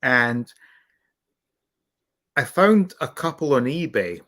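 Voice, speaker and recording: Male live-stream host, rambling and halting, ordinary mid-pitched voice. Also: sing-song, fairly bright tone. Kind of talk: casual live-stream chat.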